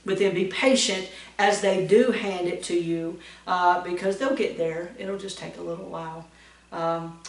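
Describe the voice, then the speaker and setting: A woman's voice: mid-range voice, recorded from a distance. Woman devotional host, earnest and chatty, repeats points to listeners; roomy sound, a little off-mic. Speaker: host of weekly devotional talk. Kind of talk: casual devotional talk.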